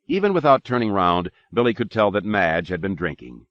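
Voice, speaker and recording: Deep-voiced man reading an audiobook. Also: big pitch swings, moderate pace, hardly any pauses, no echo. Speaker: audiobook narrator. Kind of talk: audiobook narration. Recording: dull lo-fi cassette recording.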